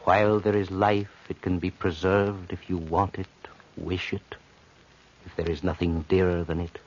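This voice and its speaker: An actor playing a commanding physician and mesmerist who speaks with calm authority and a husky voice in a 1940s radio play, on a dull old broadcast recording. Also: male voice, sits low. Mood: hypnotic. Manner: authoritative, slow and hypnotic when inducing trance.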